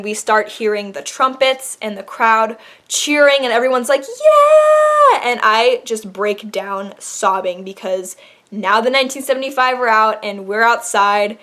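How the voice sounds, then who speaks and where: A woman's voice: fairly high pitch, sharp tone. A young adult woman telling a personal story in a casual vlog, chatty, with many fillers and the odd laugh. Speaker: vlogger.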